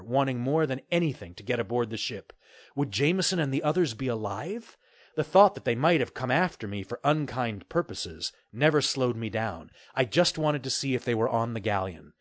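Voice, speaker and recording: Expressive male storybook narrator. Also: medium pitch, no echo, clean studio sound. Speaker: audiobook narrator. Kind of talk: scripted narration.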